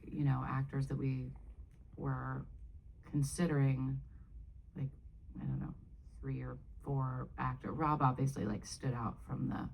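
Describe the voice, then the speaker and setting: A woman's voice: rumbling low, creaky, lo-fi sound. A woman speaking as a guest on a live Q&A panel, talking casually in rambling, self-interrupting bursts with frequent laughs. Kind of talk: casual Q&A talk. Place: live Q&A panel before an audience.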